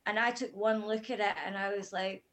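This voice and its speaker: A woman's voice: medium pitch, steady tone, a little fast. A woman guest on a podcast, telling a hard personal story in a frank, matter-of-fact way.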